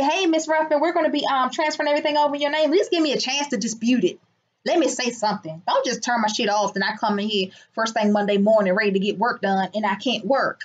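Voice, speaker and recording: A woman vents in a casual vlog recorded inside her clinic. She sounds indignant and animated, slipping into the voices of the people she quotes, her voice sitting a little high. The recording is dull and lo-fi, as if the highs were cut off. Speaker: business owner and healer. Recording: muffled lo-fi sound.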